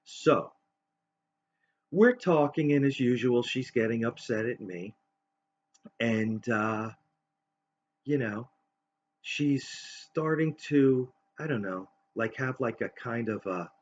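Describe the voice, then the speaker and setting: A man in his fifties hosting a show, telling a personal story in a halting, rambling way full of fillers and restarts. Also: mid-range voice, highs cut off. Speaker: host.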